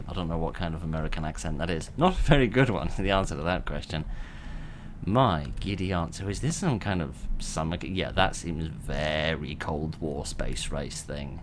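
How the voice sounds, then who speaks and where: Deep, wry man gaming. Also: moderate pace, fairly bright tone, slight background noise. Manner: wry, sarcastic, rambling asides. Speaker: gameplay commentator. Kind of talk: let's play commentary.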